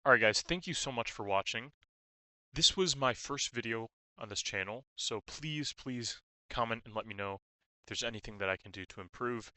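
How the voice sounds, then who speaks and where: A young man tutoring physics, explaining step by step with stop-start phrasing and uneven loudness. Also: lowish voice, dry recording, poor audio.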